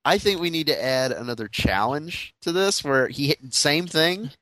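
Teasing man, slightly high voice. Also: animated, normal speed, a bit bright, no echo. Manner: laughing, teasing banter. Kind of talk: casual chat.

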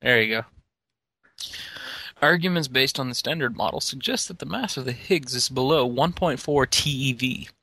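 A tipsy man talks loosely and swears freely while his hiccups keep breaking in. His voice is bright and forward. It sounds dry and close to the mic. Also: medium pitch, moderate pace, slightly rough, dry recording. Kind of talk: casual chat.

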